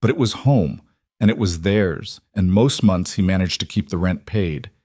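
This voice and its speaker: Male narrator, low voice, steady scripted storytelling, dry close read. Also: normal speed, no room sound.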